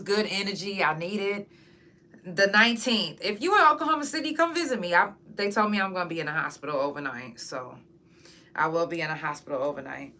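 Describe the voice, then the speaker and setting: Bright clear-voiced woman host, chatty and blunt, swears a lot, talking straight to her viewers. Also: fairly low pitch. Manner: frank, chatty and profane; talks straight to her audience. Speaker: podcast host; singer. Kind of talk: casual chat to camera.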